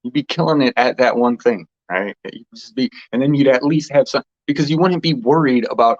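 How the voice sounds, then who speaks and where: A man's voice: medium pitch, brisk, few pauses, lo-fi sound. A man hosting a casual motivational monologue, rambling and repeating phrases, laughing often. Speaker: host.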